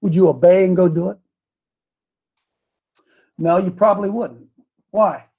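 A man preaching a sermon, fervent and folksy, climbing into loud emphatic passages when he reads scripture. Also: high-pitched, a little slow, husky. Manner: fervent, rising to shouts on scripture, folksy asides.

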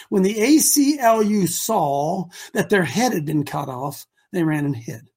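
A man preaching a sermon, retelling a story with animated shouts and slangy asides. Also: high-pitched, unhurried, few pauses, breathy edge.

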